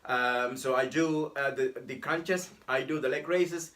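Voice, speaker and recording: A man's voice: mid-range voice, measured pace, fairly bright tone. A man giving a casual workout tutorial as a fitness instructor, talking in a chatty, repetitive way and often calling his viewers "guys". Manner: chatty, repeats "guys" and "right?", calls the abs "this man".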